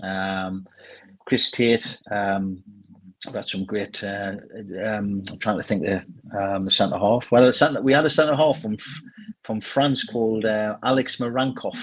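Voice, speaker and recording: A man, a former footballer casually telling lively anecdotes and mimicking people in them. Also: lowish voice, unhurried, low-quality recording. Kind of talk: casual storytelling.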